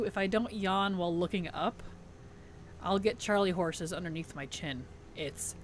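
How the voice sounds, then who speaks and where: A woman's voice: lowish voice, slight background noise. A woman streamer in casual livestream chat, thanking subscribers, answering chat and giggling often.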